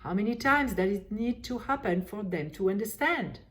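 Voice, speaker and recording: A woman leading a guided tapping session, slowly voicing frustration in short repeated phrases while naming tapping points. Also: medium pitch, lively intonation, a bit bright. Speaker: EFT tapping coach.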